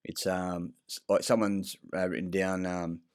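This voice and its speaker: A deep-voiced man rambles through a self-recorded vlog, circling back on himself with fillers and false starts. He is blunt and swears freely. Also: little pitch movement, unhurried, clean tone. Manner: rambling, meandering, frequent fillers and restarts; blunt and profane. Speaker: vlogger. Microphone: self-recorded clip.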